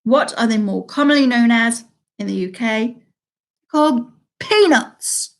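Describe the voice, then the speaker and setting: A chatty woman hosts a live online pub quiz from home, reading each question and answer twice. Her voice sits a little high, and she stops often to comment on players' scores. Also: lively intonation, unhurried. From United Kingdom. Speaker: quiz host. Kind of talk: casual live quiz hosting.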